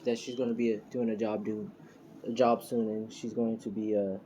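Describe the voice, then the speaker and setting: Ein Mann, der frei und weitschweifig eine Fan-Geschichte erzählt, mit vielen Füllwörtern, über ein einfaches Aufnahmemikrofon. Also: male voice, on the low side, flat delivery, normal speed, mellow, slight background noise, low-quality recording. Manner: rambling, filler-heavy. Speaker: storyteller. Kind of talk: improvised fan story narration. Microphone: screen recorder microphone.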